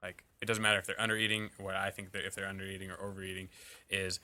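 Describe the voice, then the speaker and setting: A man's voice: low-pitched, level tone, racing, bright, forceful tone. A man on a fitness podcast, talking casually about coaching clients, with lots of "like" and "you know" fillers. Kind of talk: casual chat.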